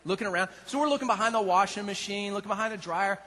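A man's voice: high voice, fast, bright, forceful tone, in a large hall. A man preaching a sermon, telling a story in a playful, dramatic way. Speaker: pastor.

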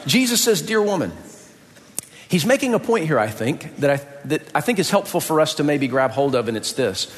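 A man from the US South preaching a sermon as pastor, folksy and lively, joking about his own mother. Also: a little high, moderate pace, some chatter behind. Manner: animated, folksy, jokes about his mom with playful impressions. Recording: long hall reverb.

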